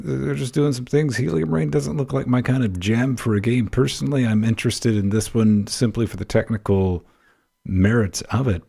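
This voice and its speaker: A man's voice: medium pitch, vocal fry, dark tone. A man co-hosting a casual gaming podcast, laid-back and drawling, swearing casually. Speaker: podcast co-host. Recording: remote voice chat.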